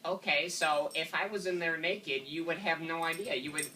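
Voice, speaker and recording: Pitched fairly high and moving at a moderate pace, this man sounds bright and forceful. On a prank call, he poses as an indignant, fussy dad who rambles on and calls the manager sir again and again, recorded from a distant mic with a little noise.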